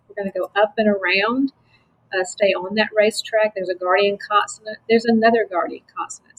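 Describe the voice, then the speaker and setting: Woman teacher, patient phonics lesson, husky voice, slow and encouraging. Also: mid-range voice, poor audio.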